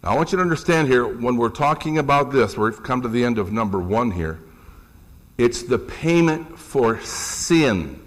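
A middle-aged man preaching a sermon, animated, rising in pitch for emphasis and asking the congregation questions. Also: fast, hardly any pauses.

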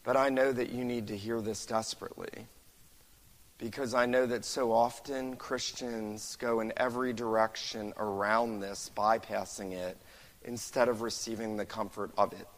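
A man's voice: lowish voice, steady tone. Impassioned male preacher in a reverberant hall. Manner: impassioned preaching, slows for quoted verses and rises in volume. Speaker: pastor. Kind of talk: sermon. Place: church sanctuary.

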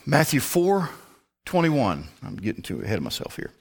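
Male preacher, Bible-study sermon, chatty and methodical, very animated pitch. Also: normal speed, vocal fry, husky. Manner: conversational, explains his word study step by step. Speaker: pastor.

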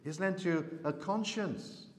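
A man preaching a sermon, telling a story in an earnest, unhurried way. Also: sits high, big-room sound.

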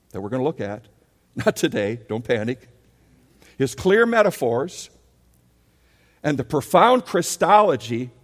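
Preaching man in a reverberant hall. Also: medium pitch. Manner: animated preaching, leads congregation call-and-response. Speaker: pastor. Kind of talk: sermon.

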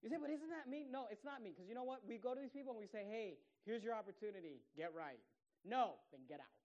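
A male pastor with a high voice delivers a sermon, reading scripture in old-fashioned wording and pressing his points with emphatic, sometimes shouted indignation. The recording sounds dull and lo-fi. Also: fast talker. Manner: reads scripture aloud in King James wording.

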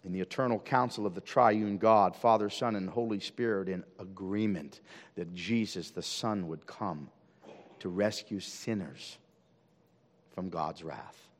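A male pastor preaching a sermon at a church service. He asks his listeners question after question and swings from loud, emphatic calls down to hushed, intense lines. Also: sits low, unhurried, long reverb tail. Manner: asks the congregation rhetorical questions.

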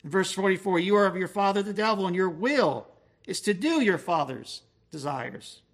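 Guy preaching, kinda high voice, leans hard on key words. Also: animated. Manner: emphatic, slows to stress key words. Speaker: pastor. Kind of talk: expository sermon.

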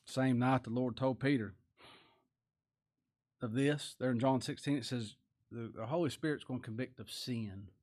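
A male preacher delivering a sermon in plain, folksy speech. He pushes some lines out loud and high, then drops to a low, quiet aside. His voice sits at an ordinary middle pitch. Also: normal speed, pauses often. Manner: folksy plain-spoken grammar, reads scripture aloud.

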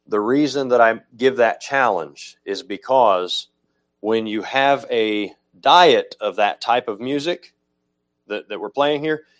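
A man's voice: mid-range voice, takes it slowly. A man preaching a teaching sermon about music, explaining patiently, repeating himself and correcting his own slips as he goes. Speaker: pastor.

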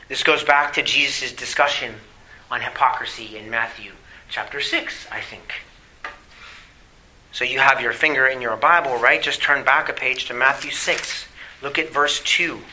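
A male pastor delivering a sermon, reading scripture aloud and asking the congregation rhetorical questions, swinging from emphatic to hushed. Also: mid-range voice, a little hiss or hum, low-quality recording. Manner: emphatic preaching with rhetorical questions, drops to quiet asides.

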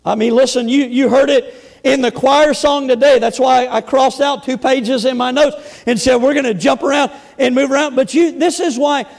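A pastor preaching a sermon, emphatic, repeating words and stressing key phrases slowly and loudly. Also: male voice, very high-pitched, fairly even intonation, gravelly. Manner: emphatic, repeats words, shifts between loud bursts and slow stresses.

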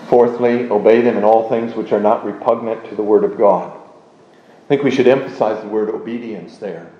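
A man giving a measured, deliberate doctrinal lesson, pausing on fillers as he teaches. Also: fairly low pitch, fairly even intonation, a little hiss or hum. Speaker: teacher of a confession. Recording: roomy, dull lo-fi recording.

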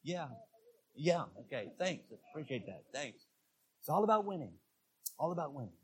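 A man preaching as a visiting evangelist, talking directly to the congregation and climbing into loud, shouted peaks on key words. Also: fairly high pitch, big pitch swings, normal speed. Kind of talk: sermon. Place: church.

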